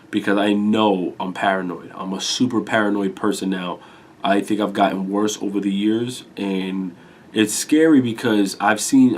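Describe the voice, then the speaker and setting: Young man, congested and tired-sounding, rambling and candid to camera, faint background hiss. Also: on the low side. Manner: rambling, confessional, swears casually. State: congested, low energy. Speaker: YouTuber talking to camera. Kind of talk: candid personal talk.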